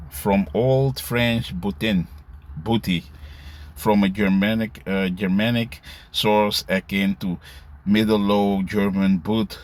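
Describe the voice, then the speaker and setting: Male commentator, lowish voice, casual scripture talk, frequent "you see, man" tags. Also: fairly even intonation, takes it slowly. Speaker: religious commentator.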